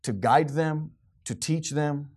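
A middle-aged man preaches with fervent, preachy conviction. His voice sits somewhat high for a man, and he now and then loses his train of thought. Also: slow pace, darkish tone, husky. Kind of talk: sermon.

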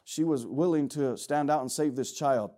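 A middle-aged man delivers a sermon at a moderate pace, shifting between loud, urgent exhortation and quiet joking asides to the congregation.

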